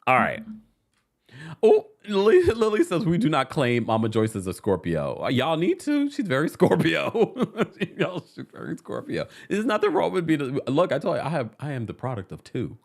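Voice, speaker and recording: Sassy, animated man recapping gossip. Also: fairly high pitch, normal speed, creaky. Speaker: host. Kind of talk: casual reality TV recap talk.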